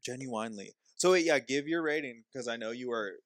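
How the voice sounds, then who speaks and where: A woman's voice: very deep voice, fairly quick, dry recording. A woman co-hosting a casual podcast, teasing her co-host playfully. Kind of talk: casual chat.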